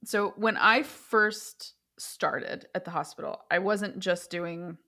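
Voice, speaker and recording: A woman in her thirties, a therapist and podcast co-host, chatting casually and animated when she tells a story. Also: lowish voice, slow pace.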